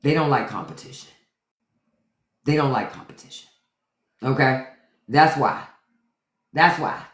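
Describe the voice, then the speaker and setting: A woman's voice: very deep voice, measured pace, echoey room. A woman host giving blunt, profane commentary to livestream viewers, repeating her points. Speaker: podcast host.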